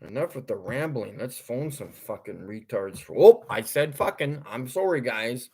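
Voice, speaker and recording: A man's voice: mid-range voice, expressive, normal speed, darkish tone, slightly rough. A man ranting to his viewers in an angry, profane monologue, lecturing them and breaking into laughter at himself. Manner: lecturing, repeats commands. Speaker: vlogger.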